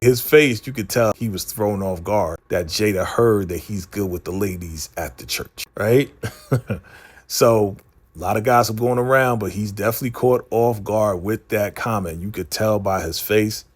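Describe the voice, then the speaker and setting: A man casually recapping a TV episode, acting out the characters' lines in a lively retelling. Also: lowish voice, measured pace, slightly rough. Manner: animated retelling, acting out characters' lines, frequent "you know what I'm saying". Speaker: TV recap host.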